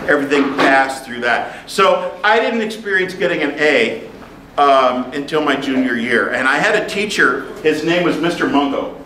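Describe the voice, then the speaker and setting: A man preaching a sermon and telling a personal story in an animated, humorous way, in a church meeting room. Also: fairly high pitch, normal speed, background noise. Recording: echoey room, faint ambience.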